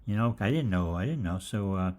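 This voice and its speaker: A man's voice: lowish voice, animated, fairly quick, a little mellow. An older man hosting a live health Q&A, telling rambling, jokey anecdotes with casual swearing.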